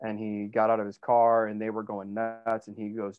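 A man's voice: fairly low pitch, completely flat delivery, moderate pace, few pauses, clear, resonant tone. A man, an actor being interviewed, telling stories in a chatty, rambling way with many fillers and restarts. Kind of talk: casual interview storytelling. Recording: dull lo-fi dry sound.

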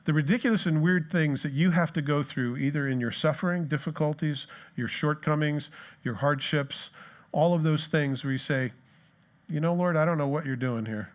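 Man, pastor, sermon in church, fairly high voice, animated storyteller. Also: moderate pace.

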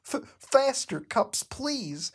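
A man voicing a shy male cartoon devil in a breathless, pleading falsetto. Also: big pitch swings, drawn-out words, slightly rough, exaggerated voice.

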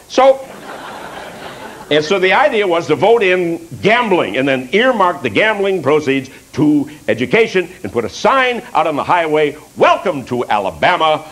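A man doing live political satire on stage. He speaks wryly, halting and restarting his sentences, with piano music behind him. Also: fairly high pitch, a bit bright, slight background noise, low-quality recording. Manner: wry, halting delivery with restarts. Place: stage before a live audience.

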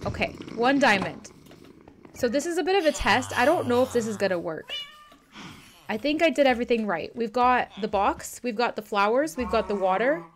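A woman streamer giving excitable, swear-laden let's play commentary. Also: on the high side, normal speed, a little hiss or hum. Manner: excitable, swears, laughs often.

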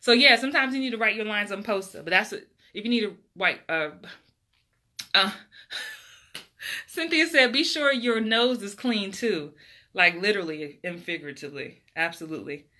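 A middle-aged acting coach talks casually and warmly on a livestream, reading out viewer comments and laughing often. Her voice is bright and forceful, set at an ordinary middle pitch. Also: expressive, moderate pace. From New York.

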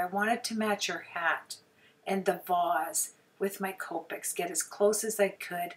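Woman, hoarse sore throat, chatty crafting voice-over, keeps clearing her throat, average pitch, a bit far from the mic. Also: fairly even intonation, measured pace. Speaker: card-making crafter. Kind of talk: casual crafting tutorial voice-over.

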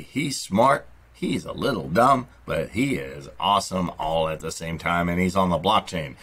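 A man's voice: low-pitched, animated, moderate pace, fairly bright tone, breathy edge. A man hosting a crypto channel, delivering upbeat, salesy promotional narration.

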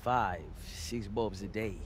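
An actor voicing a soft-spoken, menacing male pirate captain in a video game. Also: lowish voice, steady tone, slow pace. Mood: calm.

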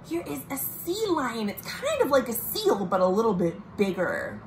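A woman librarian reading a picture book aloud to young children at home, gentle and sing-song, asking the little listeners questions. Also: fairly high pitch, big pitch swings, normal speed, echoey room, a little hiss or hum. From United States. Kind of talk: storytime read-aloud for children.

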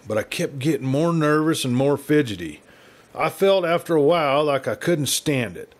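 A man reading the part of a frail, weary old cattleman who pleads in a feeble, rustic western drawl. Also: medium pitch.

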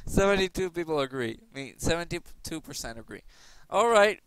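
A young man hosts his gaming channel, joking and rambling through a quiz game and occasionally putting on silly voices. His voice is a little high and brisk, with lively intonation, few pauses and a clean, slightly bright tone.

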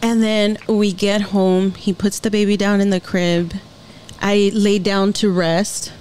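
A woman co-hosting a podcast, telling a lively story and acting out the quotes. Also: mid-range voice, slow, clear, resonant tone. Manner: animated storyteller, acts out quotes. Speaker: podcast co-host. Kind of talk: casual chat.

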